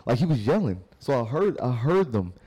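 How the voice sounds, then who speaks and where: A man's voice: medium pitch, sing-song, moderate pace, dark tone, husky. A young man co-hosting a podcast, telling a story in loose, slangy casual chat. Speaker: podcast co-host.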